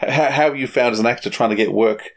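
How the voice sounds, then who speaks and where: A man's voice: medium pitch, quick pace. A man hosting a podcast, putting thoughtful questions to a guest. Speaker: podcast host. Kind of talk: interview questions.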